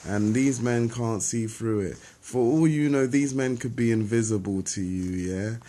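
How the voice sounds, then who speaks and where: A man's voice: mid-range voice, a little slow, mellow. A young man delivering a sarcastic, confrontational spoken-word monologue straight at his listeners. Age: young adult. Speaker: rapper.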